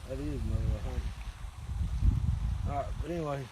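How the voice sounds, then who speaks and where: A man's voice: mid-range voice, fairly quick. Folksy Southern country man, noisy outdoors. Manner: rambling, folksy, chuckling asides. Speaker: fishing channel host. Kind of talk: casual vlog chat to viewers. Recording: loud outdoor vehicle and wind noise.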